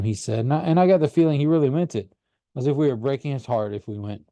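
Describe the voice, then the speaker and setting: A man narrating a first-person story with an earnest, animated delivery. His voice is dark and mellow, recorded close in a dry room with no echo. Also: mid-range voice, fast talker. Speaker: audiobook reader.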